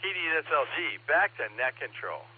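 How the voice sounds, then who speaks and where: A man's voice: a little high, big pitch swings, brisk, narrow, tinny audio. A man checking in on an amateur radio net in a casual, upbeat way. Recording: radio link with faint hum.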